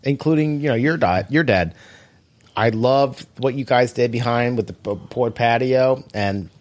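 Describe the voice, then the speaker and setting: A man's voice: mid-range voice, a little slow. Brief: male co-host, casual, enthusiastic, rambling delivery. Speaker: podcast co-host. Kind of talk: casual chat.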